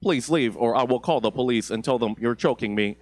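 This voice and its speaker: A man puts on an entitled robot woman who scolds and accuses in a prim, clipped tone. She speaks loudly and with indignant primness. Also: mid-range voice, brisk, close to an everyday voice. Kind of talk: stand-up comedy bit.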